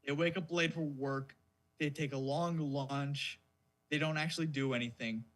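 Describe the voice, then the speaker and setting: A man's voice: on the high side, steady tone, normal speed, a bit bright. A man co-hosting a podcast in casual chat, ranting in a mocking, profane way. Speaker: podcast co-host.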